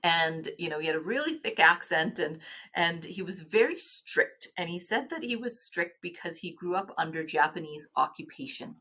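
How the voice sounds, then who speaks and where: A middle-aged woman speaks as a podcast guest. Her voice sits a little low. She tells her stories earnestly, pausing and restarting her sentences as she goes. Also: pushed and bright. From Canada. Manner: earnest, halting, with many restarts. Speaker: guest, nonprofit executive. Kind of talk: podcast interview storytelling.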